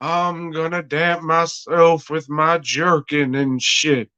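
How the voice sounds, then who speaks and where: Guy doing a pushy southern-preacher landlord, pitched way up, bossy drawl. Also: flat delivery, takes it slowly, bright, forceful tone, smooth, muffled recording. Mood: blustering. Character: blustering middle-aged male landlord, Southern preacher manner.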